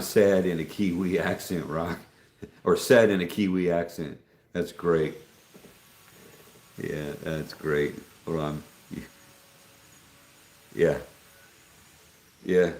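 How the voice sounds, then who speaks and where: Middle-aged male livestream host, very low voice, folksy and rambling, echoey home room. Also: a little mellow. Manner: rambling, folksy, trails off and restarts. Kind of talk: casual livestream chat reading viewer comments.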